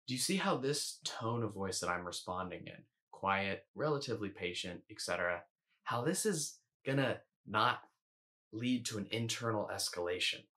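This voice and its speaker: Calm, low-voiced male coach. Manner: calm, measured, with gentle restarts. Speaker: eating coach. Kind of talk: instructional talk to camera.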